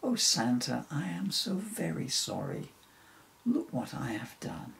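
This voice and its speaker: A man's voice: a little high, big pitch swings, slow pace, creaky, fairly bright tone, a little hiss or hum, voice pushed up, heavily acted. A man reading a children's story voices a remorseful male reindeer who earnestly confesses. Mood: contrite.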